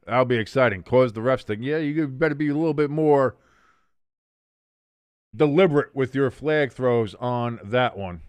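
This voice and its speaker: Smooth-voiced man calling plays on stream. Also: mid-range voice, normal speed, no room sound. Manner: excitable, swears and jokes with chat. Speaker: host of a watch-along stream. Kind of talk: casual play-by-play commentary.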